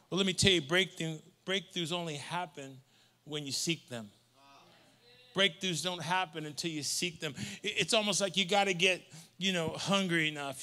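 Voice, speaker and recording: A man preaching a sermon in a church, calling out to the congregation and building from quiet to shouting. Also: high-pitched. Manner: call-and-response preaching, swelling to shouts. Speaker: pastor. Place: church sanctuary.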